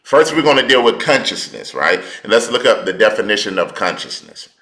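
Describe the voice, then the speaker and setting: A man preaching a teaching sermon, slow and deliberate, repeating key words for emphasis in informal, colloquial speech. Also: fairly low pitch, sing-song, sharp tone, echoey room, low-quality recording.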